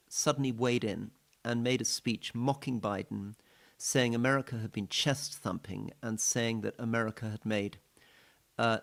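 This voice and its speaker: A British man co-hosting a political podcast, recounting events in a measured way. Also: mid-range voice, vocal fry, a bit bright. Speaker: podcast co-host.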